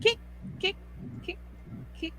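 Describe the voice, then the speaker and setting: A man voicing an excitable, dim-witted little frog in squeaky shouted exclamations. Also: takes it slowly. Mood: gleeful.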